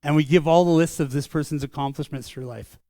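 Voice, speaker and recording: An older man preaching a sermon as pastor, earnest and conversational, slowing down for solemn lines. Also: fairly high pitch, dark tone, no echo, clean studio sound. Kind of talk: sermon storytelling. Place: church sanctuary.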